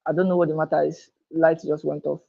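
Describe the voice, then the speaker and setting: A man's voice: on the high side, little pitch movement, fast talker, creaky, dark tone, lo-fi sound. A man giving a live online lecture, emphatic and repeating his key phrases. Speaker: online teacher. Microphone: own microphone, recorded on camera.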